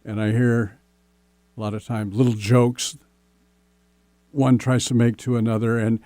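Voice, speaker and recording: A man hosting a relationship podcast as a coach, speaking gently and slowly, often ending points with "right?". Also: mid-range voice, little pitch movement, dry recording. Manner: gentle, slow, many "right?" tags. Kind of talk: casual podcast advice.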